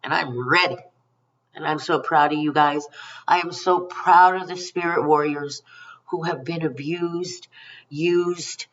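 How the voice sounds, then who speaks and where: Middle-aged woman psychic, affectionate and rambling, dull slightly distant audio. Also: sits low. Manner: rambling, emphatic and affectionate, calls listeners honey and you guys. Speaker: psychic card reader. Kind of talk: spiritual card reading to camera.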